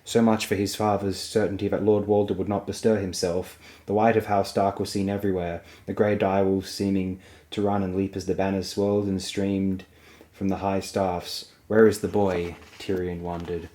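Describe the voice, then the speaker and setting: A man narrates a fantasy audiobook in a low, warm voice. His delivery stays level and even, with little rise and fall. He keeps a steady storytelling pace through the battle scenes. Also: normal speed. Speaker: audiobook reader.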